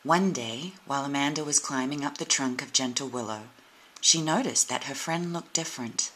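A woman narrating a children's storybook in a gentle, unhurried way. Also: extremely low pitch, slight background noise, poor audio. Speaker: storybook reader.

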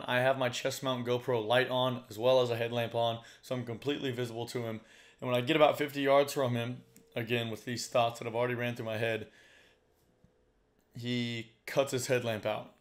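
A man's voice: mid-range voice, fairly quick. A man who hosts a fishing channel, telling a story to camera in a chatty way, full of "like" and "you know.". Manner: chatty, lots of "like" and "you know", animated when retelling. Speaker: fishing guide and channel host.

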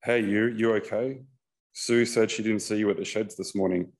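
A man's voice: on the low side, steady tone, moderate pace, natural voice. A man voicing a worried male coworker. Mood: concerned. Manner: casual, mildly worried. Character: concerned man coworker on the phone.

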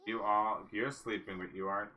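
A woman's voice: very deep voice, fairly even intonation, moderate pace, pushed and bright. A woman giving casual let's-play commentary, chatty and cooing at the game characters. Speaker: gaming channel host.

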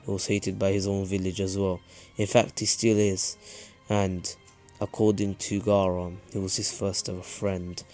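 A man doing a calm older ninja teacher. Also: sits low, moderate pace, faint music behind, lightly acted. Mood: explaining.

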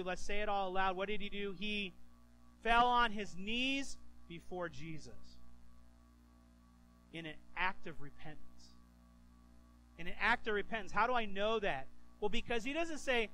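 A man preaching a sermon as pastor, animated and acting out the people in his stories. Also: sits high, moderate pace, soft background music, poor audio. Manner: animated, acts out quoted voices.

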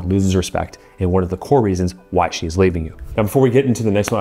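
A man's voice: low voice, dark tone. A man hosting as a marriage coach, giving earnest, assertive advice straight to the viewer.

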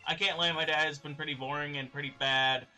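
A young man streaming a game, chatting excitedly with his viewers and laughing often. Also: fairly high pitch, brisk, faint music behind. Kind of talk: live-streamed gameplay chat.

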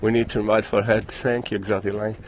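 A man's voice: fairly low pitch, level tone, quick pace. Man, phone livestream outdoors, out of breath, chatty, faint street noise behind. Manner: reads viewer comments aloud and thanks them. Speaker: livestream host. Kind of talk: casual livestream chat while walking.

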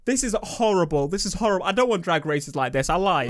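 Excitable high-voiced gamer. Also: male voice, fast talker, hardly any pauses. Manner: excitable, shouts and laughs at the race. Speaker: gaming YouTuber. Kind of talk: let's play commentary. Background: game music and engine sounds.

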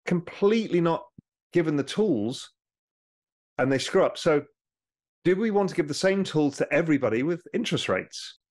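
A British man speaking as an interview guest, animated and explanatory, with a lively way of making his points. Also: a little high, normal speed, long pauses. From Britain. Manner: animated, explanatory, mimics people for effect. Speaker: guest, former hedge fund manager. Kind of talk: conversational interview.

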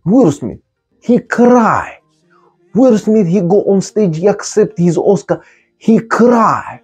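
Brief: man, high-pitched and husky, mellow tone, comic broken-English monologue, repeats key words, faint music behind. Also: animated, slow pace. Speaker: comic commentator.

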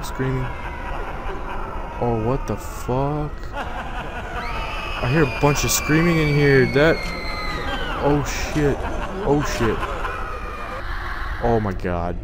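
A man's voice: medium pitch, very noisy. A young man giving jokey, swearing commentary while playing a horror game and talking back to its figures. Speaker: gaming YouTuber.

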